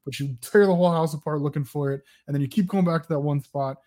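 A man speaking a little above the usual male pitch talks through a horror film in a relaxed, reflective way. He repeats phrases while he thinks and sounds casual and conversational. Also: fast. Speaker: podcast co-host.

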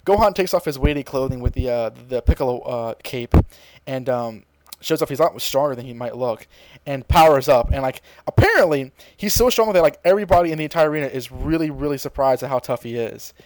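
A young man co-hosting a podcast, rambling through a casual episode recap and slipping into quick impressions of characters. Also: medium pitch, animated, darkish tone, dry recording. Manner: rambling, mimics characters' lines in quick voices. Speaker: podcast co-host.

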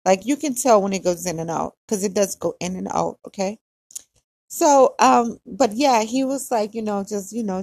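A chatty woman with a Hawaiian accent confides to her listeners in a loose, diary-style podcast. Her voice has a gravelly, creaky edge and sits at a middling pitch. The sound is close and dry, with no room around it. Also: normal speed, darkish tone, dry recording. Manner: chatty, confiding, quotes others. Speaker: podcast host. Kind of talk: casual diary-style chat.

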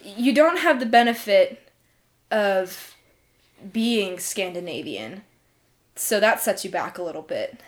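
A woman's voice: mid-range voice, lively intonation, slow pace, long pauses. Giggly, playful woman co-hosting a podcast. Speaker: podcast co-host. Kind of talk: casual podcast banter.

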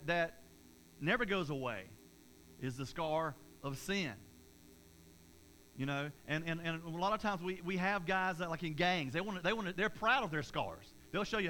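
A man's voice: sits high, bright, forceful tone, a little hiss or hum, rough recording. A male pastor preaching a conversational sermon to his congregation, with many stammered restarts and repeated words. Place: church service before a congregation.

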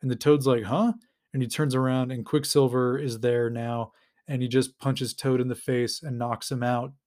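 A man hosting a podcast, casually retelling a comic storyline with lots of fillers and brief acted-out character lines. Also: mid-range voice. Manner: animated retelling with quick put-on character voices, many fillers. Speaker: podcast host recapping comics.

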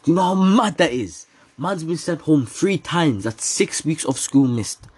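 A man's voice: fairly high pitch, animated, unhurried, darkish tone, slightly rough. A teenage man hosting a casual solo podcast, rambling from topic to topic with slang and frequent laughter. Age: teens. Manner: rambling, joking, laughs often, slang-heavy. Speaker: podcast host.

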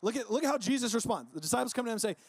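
A man preaching a casual, conversational sermon, relaxed and full of filler words. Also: very high-pitched, very fast, breathy edge, dry recording. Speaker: pastor. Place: church service.

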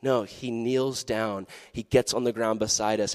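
A man giving a youth sermon in a lively, animated way, acting out quoted voices. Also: on the low side, moderate pace, hardly any pauses. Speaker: youth pastor. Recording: long hall reverb.

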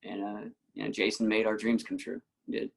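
Man, guest actor and musician, husky voice, animated storytelling, quotes people in voices, laughs a lot. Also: on the low side, fairly quick, low-quality recording. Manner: animated anecdotes, acting out quotes, frequent laughs. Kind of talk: casual storytelling.

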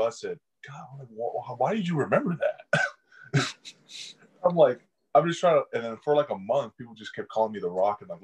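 A man's voice: mid-range voice, expressive, brisk, pauses often, a little mellow, breathy edge, poor audio. A young man, a college football player, telling casual stories in an interview and laughing often. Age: young adult. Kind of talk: casual storytelling.

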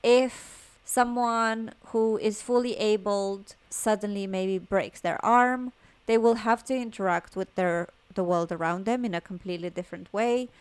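A woman's voice: medium pitch, measured pace, clear, resonant tone. A woman with a noticeable accent, a podcast guest speaking thoughtfully in casual conversation. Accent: non-native accent. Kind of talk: casual chat.

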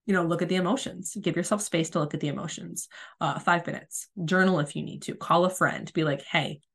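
A woman in her thirties talks alone into the mic for her coaching podcast, her voice sitting a little low. She speaks gently and soothingly, in an easy casual flow. She has a cold. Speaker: podcast host, spiritual coach. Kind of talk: casual solo podcast talk.

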